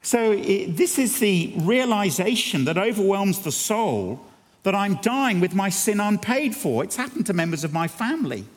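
A man's voice: high voice, sing-song, moderate pace. A man preaching an earnest sermon, rising to emphatic peaks. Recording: long reverb of a large hall.

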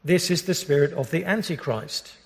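A British man preaching a sermon as pastor, earnest and measured, often restarting his phrases. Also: fairly high pitch. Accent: British English. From Britain. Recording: long reverb of a large hall.

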